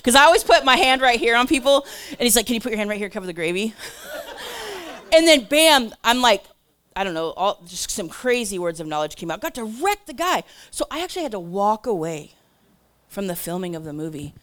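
Brief: woman speaker, church testimony, chatty and animated, jumps from loud to whispered, mid-range voice. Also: mid-range voice, brisk. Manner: chatty, lots of "like" and asides. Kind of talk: storytelling testimony to a crowd.

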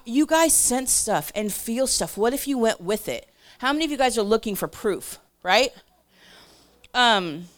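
Animated woman sharing a church testimony. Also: on the low side. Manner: animated, swings from loud bursts to whispers; chatty, lots of "like" and asides. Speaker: church speaker. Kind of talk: storytelling testimony to a crowd.

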